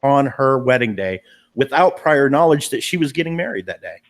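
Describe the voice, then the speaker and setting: A man's voice: mid-range voice, expressive, moderate pace, soft background music. A man, a paranormal investigator, telling a story in a casual live-stream chat, earnest and emphatic, often repeating himself and restarting sentences.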